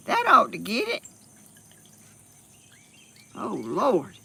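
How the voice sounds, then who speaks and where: A woman's voice: medium pitch, huge pitch swings, extremely slow, creaky, pauses often, sharp tone, husky, dry recording. A woman with a Southern US accent, rambling in a folksy way on a live stream from her phone outdoors, a little out of breath. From Georgia, US South. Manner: rambling and folksy, with frequent laughs and fillers. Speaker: vlogger.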